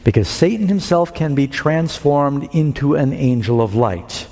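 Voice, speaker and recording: A man's voice: on the high side, expressive, measured pace, dark tone, long reverb tail. A man preaching a sermon with emphatic delivery, his voice rising on key phrases.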